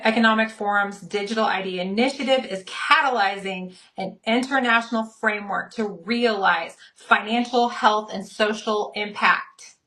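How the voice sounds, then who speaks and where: A woman's voice: medium pitch, a bit bright, rough recording. A woman on a talk show giving fired-up, angry commentary. She stacks her points into emphatic repeated lists. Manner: reads quotes aloud, repeats points in lists. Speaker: speaker on a Christian talk show. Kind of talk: impassioned commentary.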